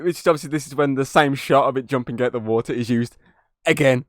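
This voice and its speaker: A man's voice: mid-range voice, steady tone, fast talker, no room sound, studio quality. A man hosting a podcast, reviewing a movie in casual chat, swearing freely and laughing at scenes. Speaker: podcast host.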